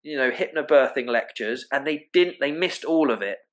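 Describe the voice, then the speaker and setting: An osteopath and naturopath, this man is an interview guest who speaks earnestly and emphatically, acting out examples as he explains. His mid-range voice is expressive and moderately paced. The recording quality is low.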